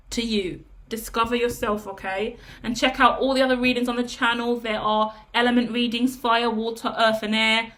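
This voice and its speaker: A woman's voice: on the high side, fairly bright tone. A woman giving a tarot reading straight to her viewers in a direct, coaching way, stacking up long repeated lists and checking in with "yeah?". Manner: lists things in rapid repetition. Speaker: tarot reader.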